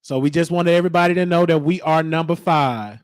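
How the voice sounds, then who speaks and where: A man's voice: fairly high pitch, a little fast, smooth, no echo. A man delivering a comedic mock sermon in a preachy, scolding church cadence. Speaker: host.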